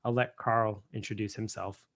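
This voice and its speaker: A man's voice: fairly low pitch, flat delivery, normal speed, vocal fry, a bit bright. An American man co-hosting a casual podcast over a video call, joking and stumbling over his words. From United States. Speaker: podcast co-host.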